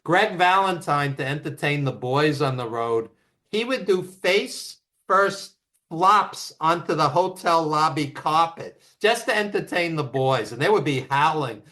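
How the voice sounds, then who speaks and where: A man telling road stories as the guest of an interview, animated and quick to act out quotes. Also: a little high. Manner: animated anecdotes with acted quotes and laughs. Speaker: author and wrestling writer, guest. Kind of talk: casual storytelling interview.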